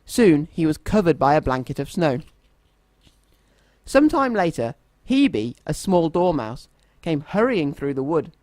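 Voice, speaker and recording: A man reading a children's story aloud in a gentle, expressive storytelling manner. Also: on the high side, a little slow, no echo.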